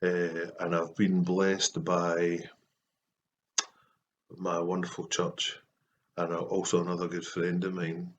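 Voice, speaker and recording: A Scottish man talking earnestly and softly to camera in a casual, heartfelt vlog, pausing often. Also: deep voice, monotone, highs cut off, slight background noise. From Scotland. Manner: soft-spoken and earnest, with frequent pauses and fillers. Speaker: Christian artist vlogger.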